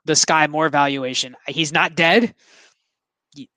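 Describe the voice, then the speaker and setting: A man co-hosting a podcast, explaining his reasoning in a measured, casual way. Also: fairly high pitch, pushed and bright, dry recording. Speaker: podcast co-host. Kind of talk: casual fantasy football chat.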